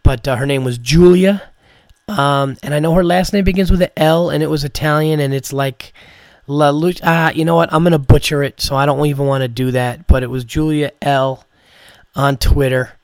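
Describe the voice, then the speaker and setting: A man hosting his podcast, sounding hoarse and a little sick, telling stories and ranting in a loose, profane way that climbs in pitch when he gets worked up. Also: fairly even intonation, normal speed, darkish tone, dry recording. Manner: profane, storytelling, rants with rising pitch. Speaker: comedian podcast host. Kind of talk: casual chat.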